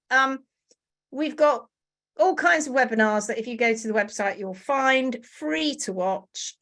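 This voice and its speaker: A woman's voice: a little high, fairly bright tone. A woman hosting a live video-call webinar, chatty and bubbly as she welcomes people arriving. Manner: chatty, bubbly, reads out greetings. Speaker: webinar host, horse care instructor.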